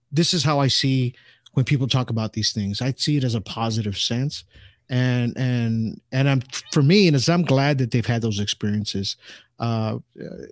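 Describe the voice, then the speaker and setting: Rambling man, frequent restarts, dry close recording, even middle pitch. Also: dry recording. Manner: rambling, many restarts and "you know". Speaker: podcast guest, ufologist. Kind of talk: casual interview talk.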